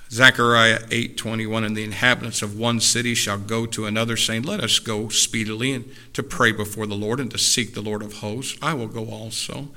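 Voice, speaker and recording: A man preaching a sermon, reading scripture verses and then building to loud, emphatic points before dropping into casual asides with the congregation. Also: mid-range voice, vocal fry. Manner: reads scripture references then preaches with rising, shouted emphasis; drops to a casual, joking tone with the congregation.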